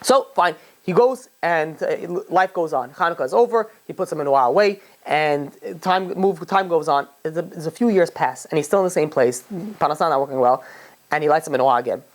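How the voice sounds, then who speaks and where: A rabbi giving a storytelling sermon, who acts out the voices of the people in the story. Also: male voice, on the high side, fairly quick.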